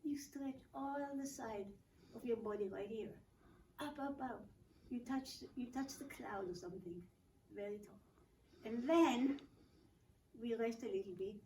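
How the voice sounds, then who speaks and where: A woman's voice: a little high, unhurried, pauses often, darkish tone, slight background noise. A woman co-teaching a children's yoga class, explaining each pose step by step in a patient, matter-of-fact way. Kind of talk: demonstrating poses step by step. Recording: echoey room, mic at a distance.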